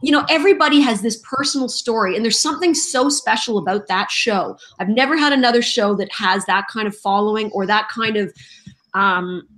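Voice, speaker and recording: A middle-aged woman, a voice actress, telling stories in a lively, self-deprecating way during a casual interview. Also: on the high side, brisk. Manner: animated, self-deprecating storyteller. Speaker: voice actress guest.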